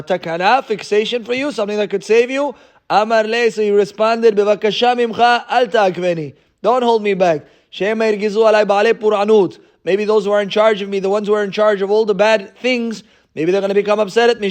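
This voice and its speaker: A male rabbi giving a sermon, reading passages and translating each line into as he tells a story. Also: sits high. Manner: reads Hebrew source then translates into English.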